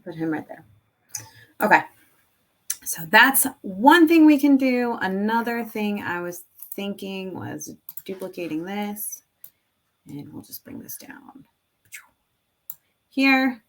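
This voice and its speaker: A woman's voice: mid-range voice, expressive, slow, long pauses. A woman in her thirties chatting casually and rambling with laughs while making a craft design on screen. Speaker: craft video creator. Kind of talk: casual screen-recording chat.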